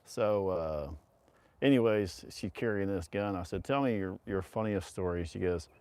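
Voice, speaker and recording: A man's voice: deep voice, moderate pace, darkish tone, clear, resonant tone. A middle-aged man hosting a casual livestream, telling a rambling story with frequent laughter and casual swearing. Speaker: livestream host.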